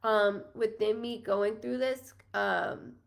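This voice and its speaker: A woman's voice: medium pitch, fairly even intonation, takes it slowly, creaky. A woman in her thirties from New York, a psychic medium giving a live-streamed reading in a chatty, rambling, apologetic and emotional way. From New York, USA. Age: 30s.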